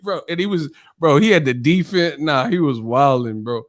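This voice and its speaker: A man's voice: mid-range voice, lively intonation, normal speed. A male channel host in a casual live-stream chat, telling stories animatedly and laughing often.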